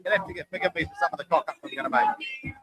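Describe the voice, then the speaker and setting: A man commentates live, folksy and conversational, his voice sitting high. He sounds worn from a long day. Music plays clearly underneath him. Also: huge pitch swings, racing, a bit bright, poor audio. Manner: chatty, folksy, calls running tallies. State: tired after a long day. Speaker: shearing commentator.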